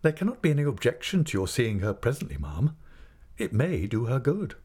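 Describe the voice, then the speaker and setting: A man voicing a mild, timid village doctor who speaks in a soft, placating way. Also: medium pitch, big pitch swings, brisk, breathy edge. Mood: meek placating.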